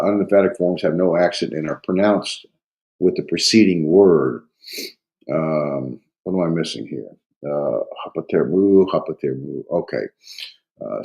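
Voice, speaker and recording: A man with a cold teaching a Greek grammar review, talking haltingly with many fillers and thinking aloud. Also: extremely low pitch, creaky, darkish tone, low-quality recording. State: has a cold. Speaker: Greek instructor.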